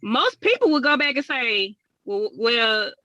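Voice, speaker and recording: Woman co-host, relaxed conversational talker, dry close recording. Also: fairly high pitch, unhurried, no room sound, rough recording. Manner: relaxed, conversational, trailing restarts. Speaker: podcast co-host. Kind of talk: casual chat.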